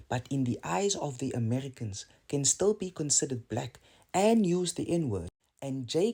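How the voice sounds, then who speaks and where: A man with a South African accent talks straight to his viewers in a casual opinion monologue. His voice is dark and mellow, and he builds his points with rhetorical questions and repeated phrases. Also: on the high side, creaky, slightly rough. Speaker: video commentator.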